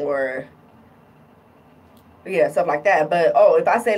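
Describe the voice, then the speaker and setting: Young female vlogger, husky, frank and exasperated, mic set back a bit. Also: deep voice, takes it slowly, pauses often, darkish tone, far from the mic, rough recording. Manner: frank, exasperated, quotes partner in mocking voices. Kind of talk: candid personal rant to camera.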